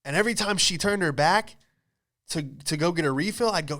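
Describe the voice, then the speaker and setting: A man hosting a comedy podcast, telling a story in an animated, profane, exclamatory way. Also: sits high, fast talker.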